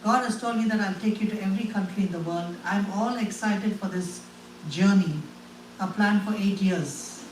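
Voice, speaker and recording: Man, earnest testimony, halting restarts, roomy echo, distant mic. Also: high voice, a little hiss or hum. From India. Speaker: guest speaker. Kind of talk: personal testimony to an audience. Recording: echoey room, voice from a distance, faint ambience.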